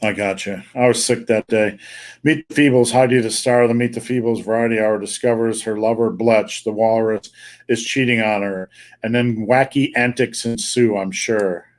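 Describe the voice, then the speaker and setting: A man's voice: on the low side, steady tone, moderate pace. A middle-aged man with a faint Wisconsin accent, hosting a live podcast over a call, blunt, profane and jokey. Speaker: podcast host answering viewer questions. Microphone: remote call.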